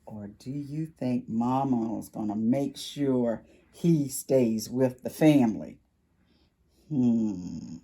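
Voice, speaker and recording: A woman reading a picture book aloud at a library storytime for preschoolers, animated, with gasps and whispered asides to the children. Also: very deep voice, takes it slowly, husky.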